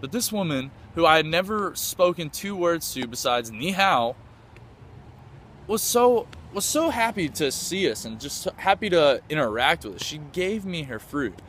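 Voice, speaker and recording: A man's voice: a little high, expressive, unhurried, fairly bright tone, slight background noise. A man from the United States, enthusiastically recounting a trip in a rambling, casual way with lots of fillers and restarts. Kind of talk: casual storytelling.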